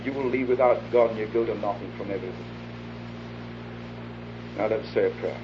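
A man preaching an evangelistic sermon, earnest, acting out little dialogues and dropping to an intimate hush for his appeal. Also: lowish voice, a little fast. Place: hall before a live audience. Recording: dull lo-fi archive tape with faint hiss.

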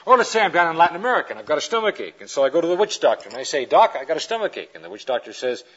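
Male preacher, fairly high husky voice, animated storyteller, dull old recording. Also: very fast. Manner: animated storyteller acting out quoted characters. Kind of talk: lecture-style sermon with illustrations.

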